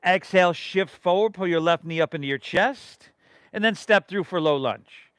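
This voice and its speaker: A man's voice: high voice, normal speed, fairly bright tone, clean tone, no echo, studio quality. A middle-aged man from leading a live yoga class, giving rhythmic breath and pose cues with casual, encouraging asides. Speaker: yoga instructor.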